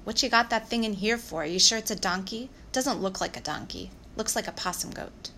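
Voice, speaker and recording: A woman voicing a blunt, scruffy young girl who talks in a flat, matter-of-fact way. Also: medium pitch, a little fast, a little hiss or hum.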